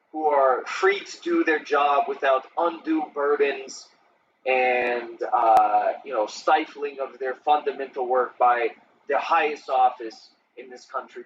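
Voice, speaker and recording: A man's voice: mid-range voice, fairly bright tone, a little hiss or hum, lightly acted. A man doing an impression of a congresswoman delivering a solemn, formal floor speech, recorded with a distant, dull lo-fi sound.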